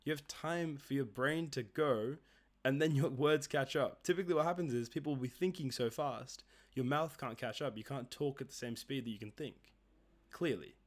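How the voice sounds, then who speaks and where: A man's voice: mid-range voice, moderate pace. A man, giving a conversational coaching lesson on sales calls and often checking in with "right?" and "okay?". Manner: explains casually, often tags "right?" and "okay?".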